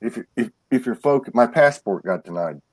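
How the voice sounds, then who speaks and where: A man's voice: medium pitch, lively intonation, fairly quick, slightly rough, no room sound. A man speaking as a guest in a casual spiritual conversation, telling stories earnestly with many restarts and repeated words. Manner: earnest storytelling.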